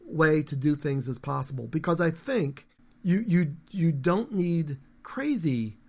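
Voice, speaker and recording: A man in his fifties with a gravelly, fry-edged voice, pitched a little higher than most men. He rambles through animated stories in a relaxed interview, often restarting his sentences. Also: a little slow. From United States. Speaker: guest musician. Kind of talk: casual interview talk.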